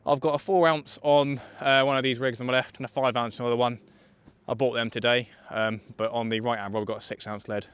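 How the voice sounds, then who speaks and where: With a steady, mid-range voice that's a bit bright, clear and resonant, a young English man speaks fast. He's giving casual live fishing commentary from an outdoor riverbank, joking and answering viewers' questions.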